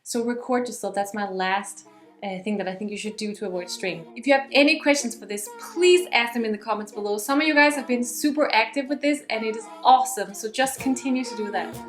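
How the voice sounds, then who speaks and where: A woman's voice: fairly high pitch, brisk. A young woman giving a friendly vocal lesson to camera as a singing teacher. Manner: friendly, demonstrates sung and yelled examples.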